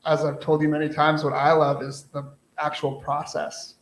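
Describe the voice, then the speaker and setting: A man's voice: a little high, monotone, normal speed. A man talking thoughtfully on a panel about his work, with loose phrasing. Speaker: printmaker, panel guest. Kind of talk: casual panel talk. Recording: echoey room.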